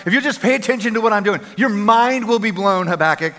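A man preaching a sermon as a pastor, energetic and conversational, repeating phrases for emphasis. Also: high-pitched, fast talker. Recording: long hall reverb.

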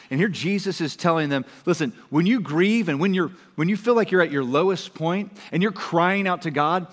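Conversational pastor preaching in a reverberant hall. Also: male voice, fairly high pitch. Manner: conversational, swings from loud to hushed. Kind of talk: sermon.

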